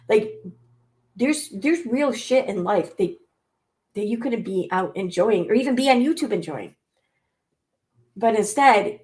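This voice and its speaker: A woman's voice: medium pitch, darkish tone. A woman hosting a commentary channel, reacting to clips with sarcastic, exasperated rants full of swearing.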